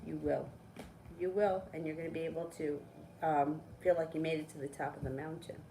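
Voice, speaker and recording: Animated woman telling a story, faint background hiss. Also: sits low, brisk, poor audio. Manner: animated storytelling, swears casually. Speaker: tarot reader. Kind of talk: casual live-stream chat.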